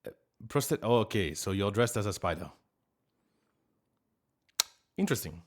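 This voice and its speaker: A man's voice: lowish voice, animated, normal speed. A man, chatting casually on a live stream, reading chat and making playful, mock-grand pronouncements.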